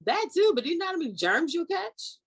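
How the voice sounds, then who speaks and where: A woman's voice: very high voice, big pitch swings, brisk, no echo. A woman co-hosting a podcast in casual banter, teasing and laughing often. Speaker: podcast co-host.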